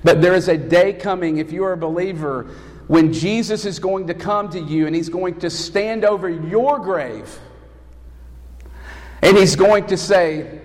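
A man preaching a sermon as pastor, emphatic and rising to loud calls. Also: sits high, a little slow. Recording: long hall reverb.

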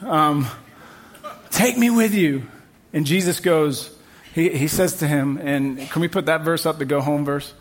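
A man's voice: on the high side, steady tone, normal speed. A man preaching a sermon at a church service, emphatic and building on repeated refrains. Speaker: pastor.

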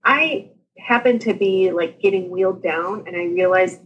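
A woman in her thirties, a guest on a talk show, telling her story in a casual, animated way, laughing often and acting out what people said. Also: mid-range voice, moderate pace, husky, lo-fi sound. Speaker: podcast guest sharing her birth story.

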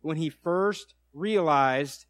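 A man preaching a sermon in a conversational, animated storytelling way, acting out quotes. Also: fairly high pitch, slow pace, no echo.

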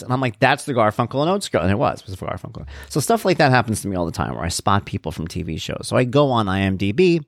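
A man's voice: fairly low pitch, no room sound. Casual wry male talker, tangent-prone dad, dry close sound. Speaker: vlogger and father. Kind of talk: casual rambling chat.

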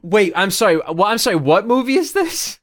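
A man co-hosting a casual podcast, jumping in with quick jokes and questions. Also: high-pitched, sing-song, a bit bright. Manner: quick joking interjections. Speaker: podcast co-host. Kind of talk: casual chat.

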